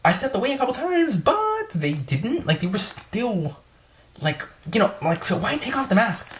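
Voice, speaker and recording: A woman's voice: a little high, very animated, normal speed. A young woman store worker ranting in a casual vlog, swearing often and exasperated, full of fillers.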